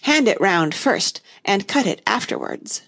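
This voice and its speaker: A woman's voice: mid-range voice, measured pace, creaky, heavily acted. A woman voicing a proud, careless male unicorn in a storybook, with an eager manner. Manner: eager, lively.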